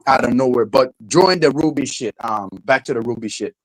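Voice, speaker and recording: A man's voice: mid-range voice, brisk, no echo, rough recording. A man hosting a casual livestream chat, talking loosely in slang and laughing often. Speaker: livestream host.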